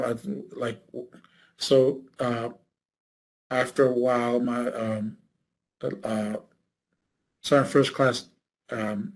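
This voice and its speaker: Man, veteran telling his own story, husky mid-pitched voice, halting delivery with fillers. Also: low-quality recording. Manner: halting, many fillers and restarts. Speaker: veteran recounting service. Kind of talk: oral history interview.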